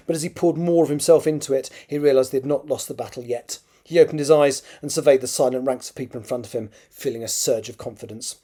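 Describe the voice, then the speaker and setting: A man, the author, reading his own novel draft aloud in a steady storytelling manner and now and then correcting a slip. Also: mid-range voice. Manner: steady storytelling read with occasional self-corrections.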